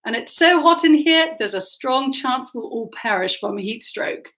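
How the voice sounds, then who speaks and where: A woman's voice: high voice, animated, normal speed, a bit bright. Woman reading as a breezy, joking young man. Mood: jokey. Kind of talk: audiobook character voice.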